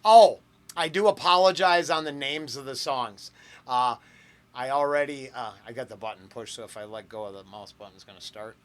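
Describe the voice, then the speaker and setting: A man's voice: mid-range voice, moderate pace. A man hosting a reaction channel, chatting casually and rambling with fillers and restarts. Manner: rambling, with fillers and self-corrections.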